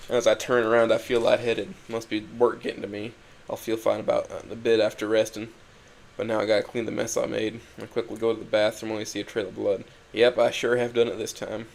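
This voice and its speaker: A young man reading a first-person story aloud in a quiet, introspective, halting way. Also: fairly low pitch, creaky, a little hiss or hum, low-quality recording. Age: young adult. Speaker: narrator.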